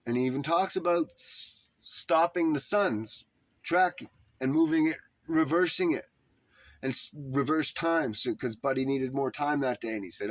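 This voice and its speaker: A man's voice: medium pitch, normal speed, no echo. A man delivering a heated, profane rant, putting heavy emphasis on his words and tone. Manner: heated, emphatic, swearing often. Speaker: religious commentator.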